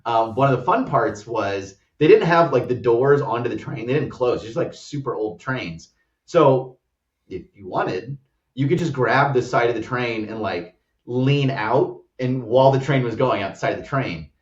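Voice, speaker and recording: American male guest, animated rambling anecdote, mic set back, dull lo-fi sound. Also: mid-range voice, normal speed. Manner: animated, rambling storyteller with many "like" fillers. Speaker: startup co-founder guest. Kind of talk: casual travel storytelling. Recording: roomy, distant, dull-sounding audio.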